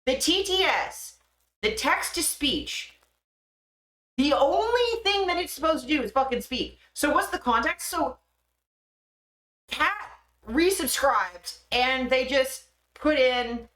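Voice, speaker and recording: A woman's voice: high-pitched, expressive, slow pace, pauses often, fairly bright tone, echoey room. A young woman streaming live, chatting casually and swearing freely as she laughs at herself.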